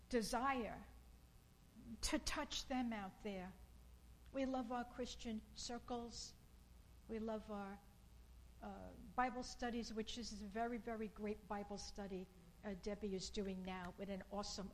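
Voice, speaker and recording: A woman giving an informal sermon in a slow, earnest and repetitive way, with bursts of emphasis. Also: on the high side, slight background noise, low-quality recording.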